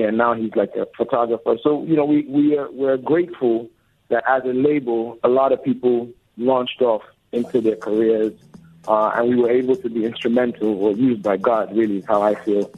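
A man's voice: medium pitch, level tone, moderate pace. A man in his forties, a record label co-founder, talking earnestly and reflectively as an interview guest. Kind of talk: casual interview talk. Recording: dull lo-fi audio with faint music.

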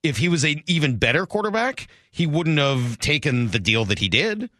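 A man's voice: fairly high pitch, big pitch swings, sharp tone, dry recording. Give me an argumentative male sports radio co-host, dry studio sound. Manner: argumentative, quick pushback.

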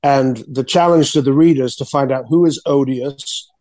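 A man, an artist and author, telling his story as an interview guest, excitedly repeating words and acting out quotes. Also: medium pitch, moderate pace, no echo.

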